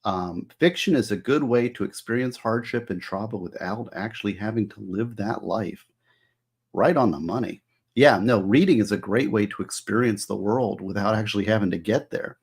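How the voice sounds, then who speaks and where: A man's voice: on the low side, normal speed, slightly rough. A man hosting a casual livestream as an author, musing aloud and asking viewers for their opinions.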